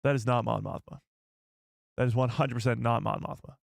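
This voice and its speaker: A man hosting a live stream and reacting to a trailer, excitable and incredulous, talking straight to his chat. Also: mid-range voice, fairly quick, creaky.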